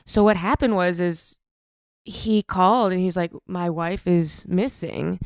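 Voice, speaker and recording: A woman in her thirties hosting a comedy podcast, telling stories fast in casual chat and slipping into playful impressions, with a bit of a morning voice. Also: fairly low pitch, fairly even intonation, a little mellow, no room sound. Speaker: podcast host.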